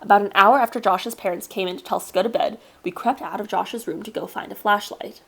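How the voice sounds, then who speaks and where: A woman streamer reading a story aloud live, at a middling pitch for a woman. Her storytelling is steady and measured, and she breaks off now and then for a casual aside. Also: vocal fry. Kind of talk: live read-aloud narration.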